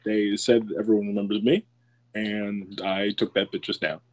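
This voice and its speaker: A man putting on the deep, slow, self-assured voice of a male statesman, as a comedy impression. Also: little pitch movement, natural voice, low-quality recording. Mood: mock-solemn.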